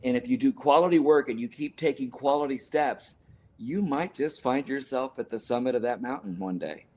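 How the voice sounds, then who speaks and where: An older man, a sports scientist and author, shares a personal story as a guest on a podcast. His voice is medium-pitched and somewhat dark, at a moderate pace, and he sounds earnest and emotional, occasionally correcting himself.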